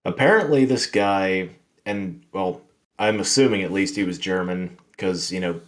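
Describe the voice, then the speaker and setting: A man with a low voice, speaking at a normal pace, hosts a podcast. In a casual storytelling chat, he recounts a work story in a rambling, profane manner heavy with fillers.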